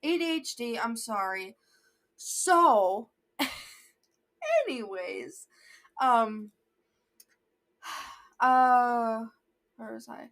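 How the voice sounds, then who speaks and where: A woman's voice: fairly high pitch, sing-song, extremely slow, long pauses, fairly bright tone. A young woman vlogger telling a rambling story, often sidetracking and restarting her sentences. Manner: rambling, sidetracked, self-interrupting.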